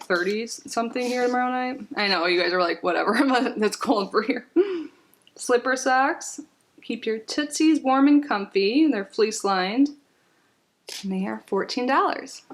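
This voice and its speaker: A woman's voice: on the high side, brisk. Chatty, giggly woman vlogger. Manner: chatty, giggly, rambling with many "like"s. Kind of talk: casual unboxing chat. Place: home, sitting on the floor.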